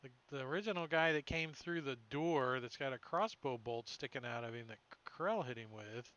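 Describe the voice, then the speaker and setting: A man with a bright, forward voice narrates a tabletop game as its dungeon master. He talks in a chatty, lively way and throws in sound effects as he goes. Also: mid-range voice, moderate pace, dull audio.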